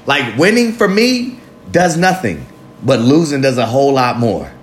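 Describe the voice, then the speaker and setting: A man's voice: medium pitch, very animated, normal speed, slight background noise. A man hosting a live recovery talk show, talking loosely and profanely in a confessional monologue, sometimes drawing out his words. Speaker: podcast host.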